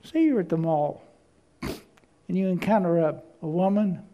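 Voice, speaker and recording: A man's voice: high-pitched, animated, a little slow, dark tone. A man preaching a sermon, telling stories and often repeating words as he searches for the next one.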